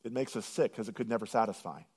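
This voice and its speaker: A man preaching a sermon, swinging from loud, drawn-out proclamation to hushed intensity and slowing right down on scripture lines. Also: fairly low pitch, breathy edge. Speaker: pastor.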